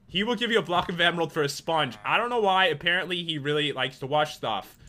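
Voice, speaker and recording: A man's voice: fairly high pitch, quick pace, bright, forceful tone. A young man hosting a casual gaming video, joking and rambling with lots of fillers.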